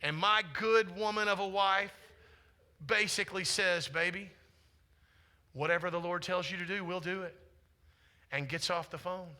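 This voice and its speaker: A pastor in his forties preaches in an easy, chatty storytelling manner and keeps turning to the congregation with questions. His voice sits high and sounds very bright and forceful. The delivery is conversational, not formal. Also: moderate pace, pauses often. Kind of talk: sermon. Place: church sanctuary.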